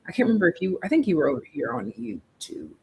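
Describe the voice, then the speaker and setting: A tarot reader giving a casual live-stream reading, chatty and slangy, thinking aloud and swinging between hushed asides and loud exclamations. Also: mid-range voice, wildly swooping pitch, fast talker, slight background noise, low-quality recording.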